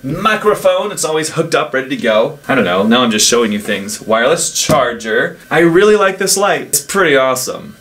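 A man's voice: mid-range voice, sing-song, brisk, few pauses, a bit bright. Chatty man rambling about his desk. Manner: rambling, chatty, self-interrupting. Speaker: vlogger. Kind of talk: casual unscripted vlog. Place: home office in a house in the woods. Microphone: desk microphone.

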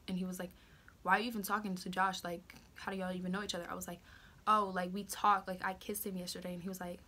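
A woman's voice: mid-range voice, sharp tone, slight background noise. A teenage girl vlogger telling a story in casual slang, acting out what people said.

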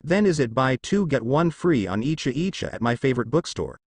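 A man voicing a young woman ninja who is fierce yet gentle and protective, read as a fanfiction audiobook. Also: mid-range voice, big pitch swings, a little fast, husky, dry recording. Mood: playful teasing. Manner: protective, teasing.

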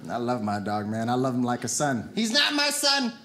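A man doing a stand-up comedy set, telling animated stories and putting on voices for the people he quotes. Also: medium pitch, a little fast, a crowd in the background. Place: theater stage before a laughing audience. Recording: loud audience noise.

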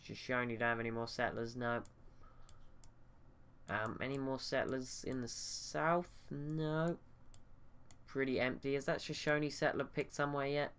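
A man's voice: medium pitch, fairly even intonation, unhurried, fairly bright tone, clear, resonant tone. A man giving casual, thinking-aloud commentary over a strategy game, often restarting his sentences. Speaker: gaming YouTuber.

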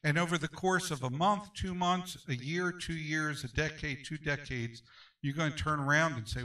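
A man's voice: fairly high pitch, normal speed, bright, forceful tone, distant mic, low-quality recording. Male pastor leading Sunday school; brassy, ringing voice, emphatic call-and-response, picked up from across the room. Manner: emphatic, repeats phrases, calls for amens.

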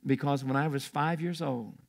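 A man's voice: mid-range voice, fairly even intonation, moderate pace, gravelly. An older man preaching a sermon in a church, telling stories in a rambling way with restarts.

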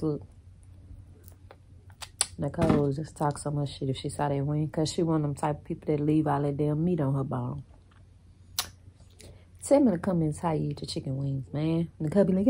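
A woman's voice: low-pitched, steady tone, fairly quick, warm tone, a little hiss or hum. A woman vlogger chatting casually to her viewers, blunt and chatty, swearing freely and often laughing. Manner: laughs often while talking. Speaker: lifestyle vlogger. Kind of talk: casual chat to camera.

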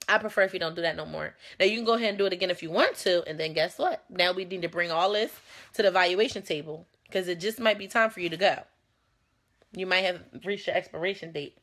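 A young woman holds forth on a casual talk show. She talks bluntly and animatedly and swears freely, with a confrontational edge that never softens. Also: mid-range voice, quick pace.

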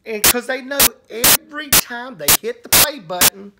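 Brief: male evangelist, slow and earnest, lively pitch, loud static hiss throughout. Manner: earnest, drawn-out preaching with repetitions. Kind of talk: preaching to camera.

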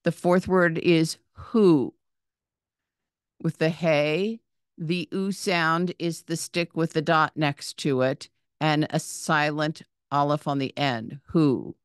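A woman's voice: sits low, fairly even intonation, slow, clear, resonant tone, no room sound, studio quality. A woman giving a patient reading lesson, saying each word, spelling out its letters and vowel sounds, then repeating it. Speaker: Hebrew reading teacher.

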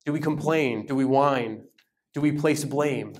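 A man leading a Bible study, teaching in a lively, conversational way and giving verses dramatic emphasis. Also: mid-range voice, measured pace. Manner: animated, emphatic, reads verses aloud with dramatic stress. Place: church meeting room.

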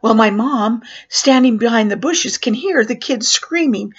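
A woman's voice: a little high, measured pace, hardly any pauses, husky, lo-fi sound. A woman who works as a professional clown tells a personal story, acting out the voices and dropping to whispers. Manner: animated, acts out voices and drops to whispers.

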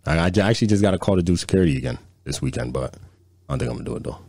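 A man's voice: deep voice, lively intonation, very fast, vocal fry, a little mellow, no room sound. A man co-hosting a podcast, telling profane, rambling anecdotes in casual chat full of repeated fillers. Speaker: podcast co-host.

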